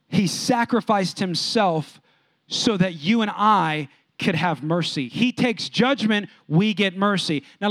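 Man, pastor, sermon, high voice, emphatic, repeats himself, dry close sound. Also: no room sound. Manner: emphatic, repetitive, calls on the congregation.

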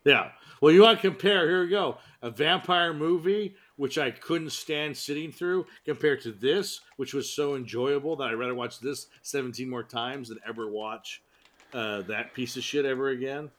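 A man's voice: medium pitch, normal speed, a bit bright. Blunt, swearing man in casual chat. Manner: blunt, swears, playful asides. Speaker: podcast co-host.

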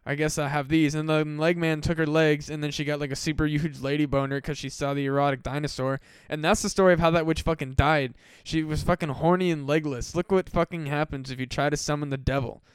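A man hosting a comedy podcast, rambling through mock-serious warnings in a profane, deadpan monologue. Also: on the high side, brisk, few pauses, clear, resonant tone, no echo, studio quality. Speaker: podcast host.

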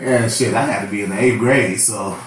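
Low-voiced joking host, very echoey room. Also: male voice, far from the mic, slight background noise. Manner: joking, crude, quick to laugh. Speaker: podcast host. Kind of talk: casual banter.

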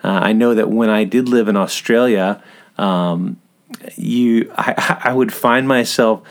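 A man's voice: lowish voice, a little slow. A middle-aged man from the American South with a Southern accent, hosting a podcast in a chatty, rambling way with frequent fillers. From Southern United States. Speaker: podcast host. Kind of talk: casual podcast monologue.

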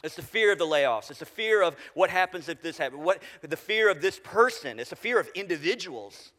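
A middle-aged male pastor preaches in a casual, conversational way, restarting phrases and sliding into soft repeated lines. His voice sits a little high for a man. The sound carries a long, ringing reverb from a big hall. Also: lively intonation. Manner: conversational, halting restarts, drops to quiet repetition. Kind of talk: sermon. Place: church sanctuary.

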